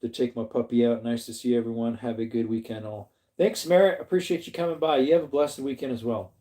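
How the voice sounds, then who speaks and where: A man's voice: medium pitch, fast talker, mellow. A middle-aged man from Arizona hosting a casual livestream, rambling and chatty as he reads viewers' comments, laughs often and greets them by name. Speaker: livestream host reading chat.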